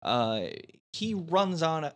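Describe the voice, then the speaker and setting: A man's voice: a little high, very animated, extremely slow, a bit bright. A man casually recapping a movie plot on a podcast, laughing often and leaning on filler words. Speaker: podcast host.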